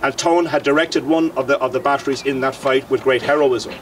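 A man's voice: medium pitch, fairly even intonation, brisk, recorded from a distance, slight background noise. A middle-aged Irish man, a historian, delivering a passionate commemorative address outdoors with emphatic lecturing and frequent fillers.

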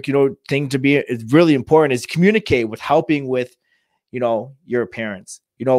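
A man who works in home care, giving informal advice to families and talking in halting bursts full of restarts and fillers. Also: mid-range voice, dry recording, clean studio sound. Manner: halting, many restarts and "you know" fillers.

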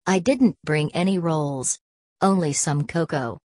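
A woman's voice: low-pitched, measured pace, a little mellow, no echo, clean studio sound. A woman voicing a small bear who speaks in a polite, earnest way. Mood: indignant.

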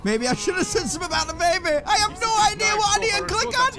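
A man commentating his own gameplay in an excitable, self-mocking way, swearing as he goes. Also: very high voice, quick pace, music in the background, a crowd in the background. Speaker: gaming commentator. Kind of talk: let's play commentary.

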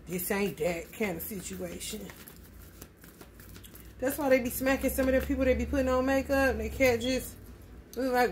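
A woman gives a loose, casual tarot reading in a gravelly, creaky voice. She talks bluntly and swears often, calling her listeners honey. A faint hiss of noise sits under her voice. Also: mid-range voice. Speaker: tarot reader.

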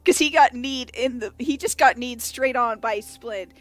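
A woman acts as game master for a tabletop group, spinning a chaotic scene for her players. Her voice sits high and sounds dry and close. She keeps breaking into laughs and tripping over her words as she narrates. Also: normal speed, no room sound. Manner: laughs often while narrating, animated with many restarts.

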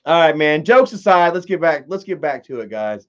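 A young man with a high-pitched voice rambles through a casual commentary. He swears freely and laughs often. The audio is dull and lo-fi. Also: big pitch swings, normal speed, hardly any pauses. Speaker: commentary vlogger.

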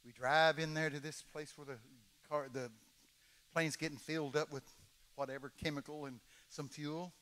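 A man, telling folksy stories in an animated sermon, sometimes shouting quoted lines. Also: mid-range voice. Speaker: guest preacher. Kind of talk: storytelling sermon. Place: large church hall. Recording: long reverb of a large hall.

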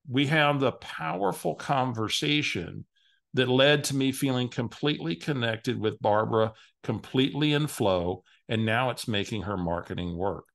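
Man, middle-aged, sales coach, training video, instructive, gravelly voice. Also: mid-range voice, fairly bright tone. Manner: instructive, acts out sample phone calls. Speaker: real estate sales coach.

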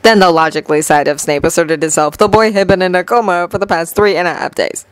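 A woman reading a fanfiction story aloud in steady, earnest storytelling. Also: on the low side, fast talker, smooth, dry recording, rough recording. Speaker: fanfiction reader.

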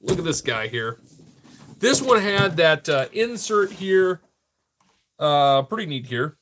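A man's voice: on the high side, sing-song, slow pace, pauses often, fairly bright tone, a little hiss or hum. A man hosting a live online auction, calling out bids steadily with casual asides in between.

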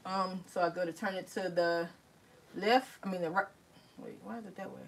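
A woman hosting a casual live-stream crafting tutorial, chatty and excitable, talking straight to her viewers. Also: fairly low pitch, a little fast, very noisy. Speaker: crafting channel host.

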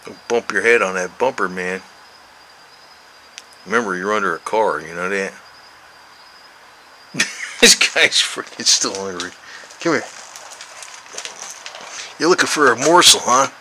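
Old guy in his 60s, lowish voice, rambles and swears, sweet-talks his cat outside. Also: unhurried, long pauses, pushed and bright, a little hiss or hum, poor audio. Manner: meandering, profane, coaxing talk to the cat. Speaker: vlogger, cat owner. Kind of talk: rambling casual chat to his cats.

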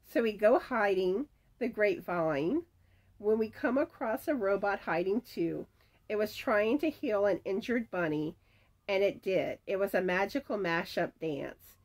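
A woman's voice: medium pitch, animated, a little slow. A middle-aged woman, chatting at home as she reads viewer comments and announces giveaway winners, often laughing. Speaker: crochet channel host announcing giveaway winners. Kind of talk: casual chat, reading viewer comments aloud. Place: at home, screen door rattling in the wind.

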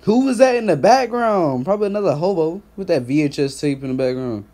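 A young man doing profane, mocking trash-talk commentary on a stream, laughing and calling people out in a put-on higher voice. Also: animated, a little fast. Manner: mocking, laughing, loud call-outs; put-on higher voice instead of his deep one. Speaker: YouTube commentator.

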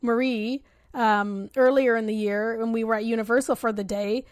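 A woman with a fairly high voice co-hosts a podcast in casual chat. She explains things at easygoing length, full of fillers. The sound is dry and close. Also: steady tone, moderate pace, dry recording. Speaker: podcast co-host.

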